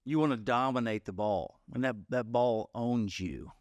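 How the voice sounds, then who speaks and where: A man's voice: mid-range voice, moderate pace, darkish tone, dry recording. A man co-hosting a podcast who teases his friends and laughs while he talks. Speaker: podcast co-host. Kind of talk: casual chat.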